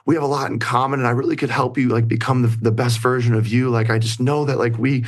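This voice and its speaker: A man mimicking a tearful young woman who begs in high, run-on pleas. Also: fairly even intonation, fast, lightly acted. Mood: pleading.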